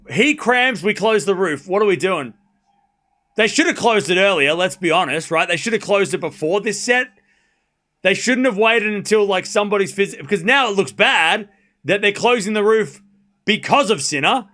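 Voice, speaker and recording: A man's voice: high-pitched, lively intonation, unhurried, sharp tone. A man hosting a live watchalong stream, calling the play and reacting bluntly, swearing freely. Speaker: streamer host.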